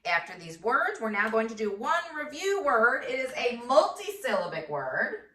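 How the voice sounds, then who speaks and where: A first grade teacher woman dictating a phonics lesson, sounding out words slowly and clearly syllable by syllable. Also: a little high, sing-song, pushed and bright. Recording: echoey room, voice from a distance.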